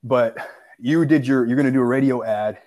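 A man's voice: medium pitch, brisk. Young man telling a laughing story. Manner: animated storyteller, laughs often, acts out quotes, swears freely. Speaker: storyteller in a casual chat. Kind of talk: casual chat.

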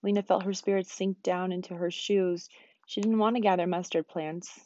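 Woman teacher reading a chapter aloud; low voice, dry close sound. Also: no echo, dull audio. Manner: quick, expressive reading.

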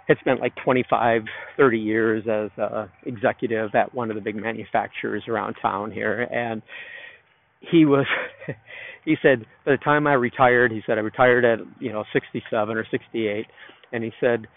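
A man's voice: fairly low pitch, fairly even intonation, moderate pace, vocal fry. A man hosting a podcast, telling a loose, rambling story in a reflective solo monologue from outdoors in a park. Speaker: podcast host. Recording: narrow phone-like sound.

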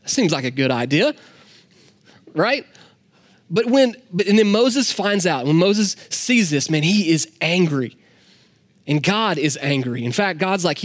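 A man's voice: on the high side, animated, measured pace, long pauses. A man preaching a sermon in a candid, conversational way, with asides to the congregation. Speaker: pastor.

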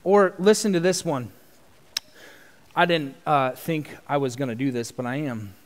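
A man preaching a sermon in an earnest tone, swelling into loud emphasis. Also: fairly high pitch, a little slow. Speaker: pastor. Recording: long church reverb.

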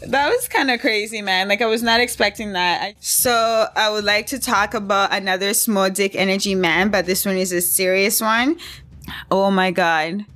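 A woman's voice: medium pitch, normal speed, a bit bright, no echo. A woman hosting a casual solo podcast, talking bluntly and with outrage, often breaking into laughter. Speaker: podcast host.

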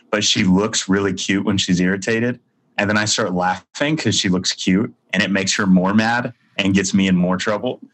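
Low-voiced candid man podcast host. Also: fairly bright tone, poor audio. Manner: candid, self-deprecating, rambling. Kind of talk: casual chat.

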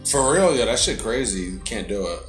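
A man's voice: lowish voice, fairly quick. Young man telling a profane story, echoey room. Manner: profane, animated storytelling with many fillers. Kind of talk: casual chat. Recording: echoey room with loud music behind.

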